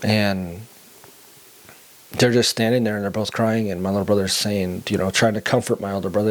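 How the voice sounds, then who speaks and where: With a lowish, steady voice and a brisk pace, a middle-aged podcast host earnestly tells his personal testimony. He acts out the things people said to him.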